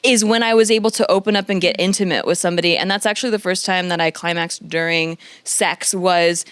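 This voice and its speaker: A woman's voice: fairly low pitch, fairly quick, a bit bright, smooth, dry recording. A young woman co-hosting a podcast, talking candidly in casual chat and laughing often. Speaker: podcast co-host.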